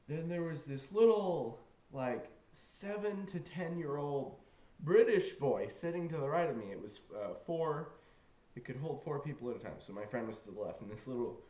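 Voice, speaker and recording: A young man casually telling a rambling story, full of fillers, acting out the voices in it. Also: mid-range voice. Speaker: vlogger. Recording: roomy echo.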